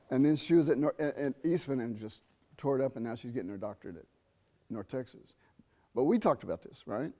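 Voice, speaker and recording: This jazz trumpet masterclass takes place on a university theatre stage, where a middle-aged man speaks conversationally, asking his listeners questions and singing out rhythms. His voice is medium in pitch and mellow.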